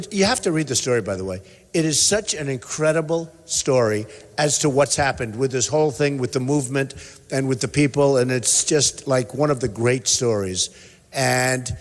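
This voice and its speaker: A man's voice: medium pitch, lively intonation, normal speed. An older man giving an emphatic, rambling, repetitive campaign rally speech in a hotel convention hall. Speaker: political candidate speaking at a rally. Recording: echoey convention hall with long reverb.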